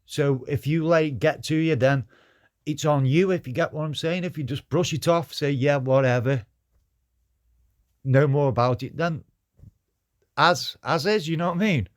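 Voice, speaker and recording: A man's voice: fairly high pitch, moderate pace. Earnest male caller who lectures and repeats his point. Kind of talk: giving his opinion on a live stream.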